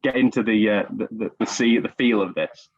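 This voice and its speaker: A man's voice: fairly low pitch, a little fast, no room sound. A man telling stories in a casual podcast chat, self-deprecating and chatty. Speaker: podcast guest. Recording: dull lo-fi recording.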